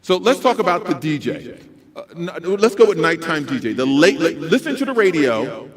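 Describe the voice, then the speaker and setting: A man giving a motivational talk to educators at a school conference, animated and swinging between loud and soft. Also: on the high side, moderate pace, crowd noise. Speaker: conference speaker.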